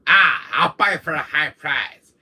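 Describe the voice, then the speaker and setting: A man voicing a shady male merchant from a video game, with a low, gravelly rasp. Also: expressive, measured pace, sharp tone, full character voice. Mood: sly.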